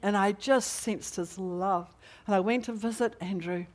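A middle-aged woman preaching in a church meeting, telling a personal story with lively rhetorical questions to the congregation. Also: mid-range voice, measured pace. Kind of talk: sermon testimony.

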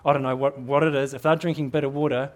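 A man's voice: medium pitch, flat delivery, quick pace. A middle-aged man with a New Zealand accent preaching a sermon in an earnest, exhorting way, often repeating words as he builds a point.

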